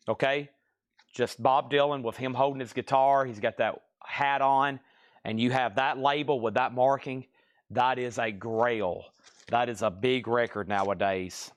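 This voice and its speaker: A man's voice: medium pitch, dry recording, clean studio sound. A man hosting a live record sale stream, rattling off titles and prices with chatty asides. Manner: brisk item-by-item price calls with chatty asides. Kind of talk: live-stream sales patter.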